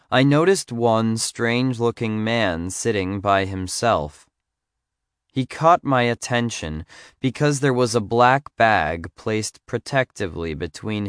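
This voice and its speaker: A man narrating a memoir audiobook in a measured, earnest way on a close studio mic. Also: fairly low pitch, clear, resonant tone, no echo.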